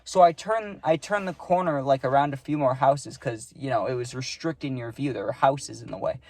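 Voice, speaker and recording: A man's voice: mid-range voice, normal speed, darkish tone, no echo. A young man telling a casual storytime, rambling with lots of "like" and "right?", and swearing freely.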